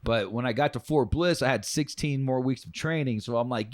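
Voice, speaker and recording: A man co-hosting a podcast, telling a story in casual chat, swearing freely and bursting into loud quoted voices. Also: mid-range voice, fairly quick, no room sound, studio quality. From United States. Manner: profane, animated storyteller, loud acted quotes. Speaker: podcast co-host.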